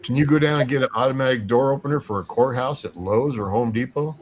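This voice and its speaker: A man appearing as a talk show guest spins a long, animated tale and performs the voices of the people he quotes. He speaks quickly at medium pitch.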